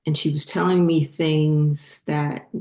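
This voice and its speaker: A middle-aged woman hosting her own channel, telling her spiritual story in a halting, emotional way that chokes up at times. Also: deep voice, little pitch movement, dark tone. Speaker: channel host. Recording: roomy echo.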